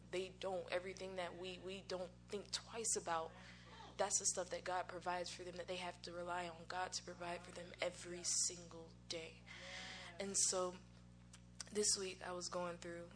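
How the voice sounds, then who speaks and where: A woman's voice: fairly low pitch, slight background noise. An American woman speaking in church, sharing a personal testimony in a candid, conversational way and laughing at herself. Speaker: church musician and worship singer. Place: church sanctuary. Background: music.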